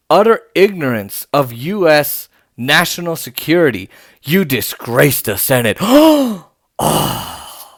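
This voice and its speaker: The studio-quality recording has no room sound, capturing a high, fairly bright male voice. He hosts a political commentary podcast from home, reading posts aloud in a sarcastic, indignant tone full of fillers and false starts.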